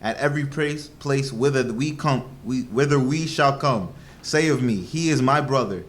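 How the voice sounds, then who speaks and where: Dude reading bible verses out loud, steady measured pace, a couple stumbles. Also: male voice, mid-range voice. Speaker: scripture reader. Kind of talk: reading scripture aloud.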